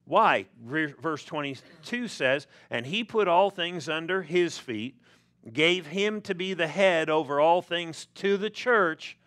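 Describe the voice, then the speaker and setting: A man preaching a sermon as pastor, slow and emphatic, with stressed words rising. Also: a little high, animated, fairly bright tone. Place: church sanctuary.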